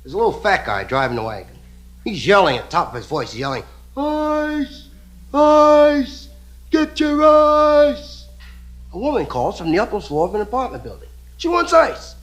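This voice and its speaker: A man's voice: on the high side, sing-song, fast talker, a bit bright, rough recording. A male stand-up comedian telling a story with playful, mock-serious asides. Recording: hissy 1970 live comedy record.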